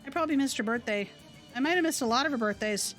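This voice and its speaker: A woman voicing a glum, listless little girl, talking in a flat, mumbling way. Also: high voice, fast talker, faint music behind.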